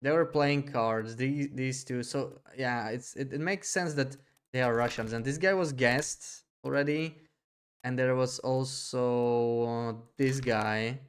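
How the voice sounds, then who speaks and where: A man's voice: mid-range voice, steady tone, takes it slowly, smooth. A young adult man streaming a game live, thinking aloud in a hesitant, rambling way with frequent restarts.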